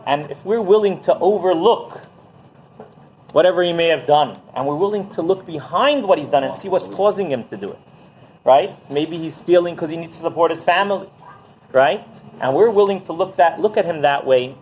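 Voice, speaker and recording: A man teaching as a rabbi, telling a story in a lively way and often asking "right?" as he goes. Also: on the high side, normal speed, low-quality recording. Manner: animated, keeps asking "right?". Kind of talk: Torah class storytelling.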